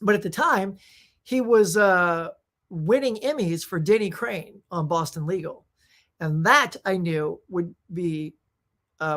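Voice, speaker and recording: A woman hosting a casual live-stream show, reading out viewer comments and answering them in an excitable, rambling, slangy way. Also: medium pitch. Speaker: host of a live movie chat show.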